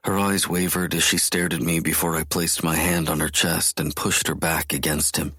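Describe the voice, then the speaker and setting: Very deep husky male narrator. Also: steady tone, normal speed, hardly any pauses, a bit bright, no echo, clean studio sound. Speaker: audiobook narrator. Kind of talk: first-person romance narration.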